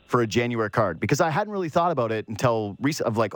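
A man's voice: medium pitch, expressive, very fast, few pauses, no room sound, clean studio sound. A man hosting a podcast, asking casual, rambling questions in an interview chat. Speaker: podcast host.

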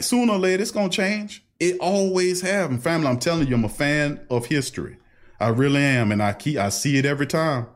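A middle-aged man, hosting a casual call-in livestream in an animated, preachy way full of street slang. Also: mid-range voice. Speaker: livestream talk host. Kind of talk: casual call-in talk stream.

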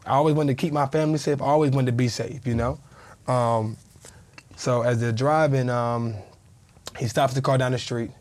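A man's voice: medium pitch, fairly even intonation, normal speed, a little mellow. A man in his thirties, a podcast guest, telling a story in casual conversation and acting out the quoted dialogue. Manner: vivid storyteller who acts out quoted dialogue. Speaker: podcast guest, former pro football player.

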